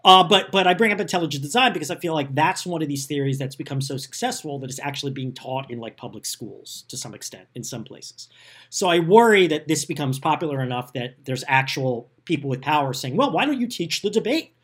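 A man's voice: fairly high pitch, fairly quick, fairly bright tone. A man hosting a podcast, talking in a casual, sarcastic and self-deprecating way about politics. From United States. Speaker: podcast host.

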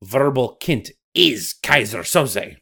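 A man's voice: medium pitch, lively intonation, slow pace, creaky, pushed and bright, breathy edge, exaggerated voice. A man voicing a sly male Loch Ness monster with a put-on Scottish accent, telling a tale in a dramatic, theatrical way for a comedy podcast bit. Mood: dramatic storytelling. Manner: dramatic narrating, rolled-up storytelling.

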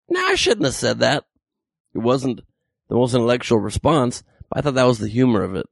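Male comedian recounting a story; gravelly, lively, dry studio sound. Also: mid-range voice, quick pace, dry recording. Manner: animated, acts out quoted voices. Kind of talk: casual storytelling.

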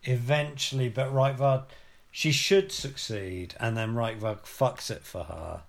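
Bloke, casual podcast co-host, eager, thinks out loud. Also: male voice, mid-range voice, measured pace, creaky. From England. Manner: animated, enthusiastic, academic references, swearing. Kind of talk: casual chat.

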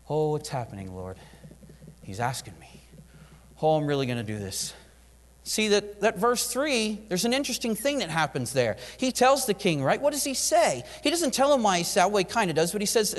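A man delivers a sermon in a church hall, his fairly high voice swinging widely in pitch. He slips in and out of acted prayers and dialogue with real animation. A long hall reverb trails every phrase. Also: expressive, brisk. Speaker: preacher.

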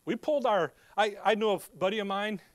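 Conversational male preacher, a bit high. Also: a little fast, no room sound. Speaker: pastor. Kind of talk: sermon.

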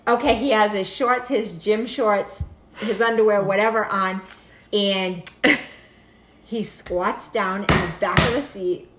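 A middle-aged woman telling a casual anecdote, animated and laughing often, swearing freely. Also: medium pitch, slow, reverberant, background noise. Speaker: storyteller.

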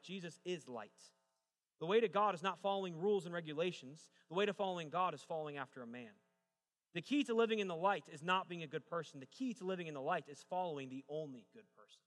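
A man's voice: fairly high pitch, fairly bright tone. A young adult man preaching a sermon as pastor, moving from joking storytelling to emphatic preaching. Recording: long reverb of a large hall.

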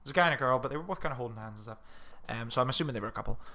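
A man co-hosting a podcast, telling an animated, sweary story in casual chat. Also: racing. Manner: animated storytelling with sweary rants and shrill mimicry. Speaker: podcast co-host.

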